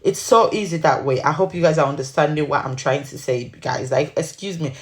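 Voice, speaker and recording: Low-voiced chatty woman teaching wig making. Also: a little fast. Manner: chatty and sassy, calls viewers honey and sweetheart. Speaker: wig maker showing her craft. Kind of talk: casual tutorial talk to viewers.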